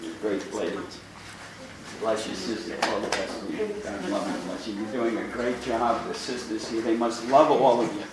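An older priest from New York City, with a New York accent, gives an earnest, informal talk to a youth group, repeating words as he goes. His voice is lowish and steady at a normal speed, recorded from far off in an echoey room with background noise.

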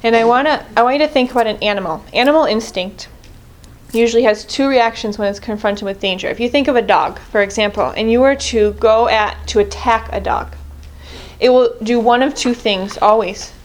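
A woman's voice: fairly high pitch, brisk. Earnest woman leading a prayer reflection. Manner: earnest, self-correcting, restarts mid-sentence. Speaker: prayer group leader. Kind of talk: spoken reflection on scripture.

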